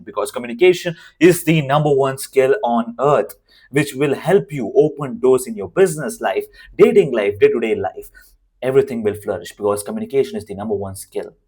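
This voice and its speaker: His voice is worn and hoarse, mid-range and a little mellow. The man is a communication coach delivering an improvised lesson to camera, emphatic and given to repeating his main phrases.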